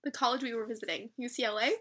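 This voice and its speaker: Teen girl, high-pitched and bright, gushing casual vlog talker. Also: steady tone, rapid-fire, breathy edge. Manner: gushing, peppered with "like" and "oh my god". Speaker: vlogger pulling a prank call. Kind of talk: casual phone chat.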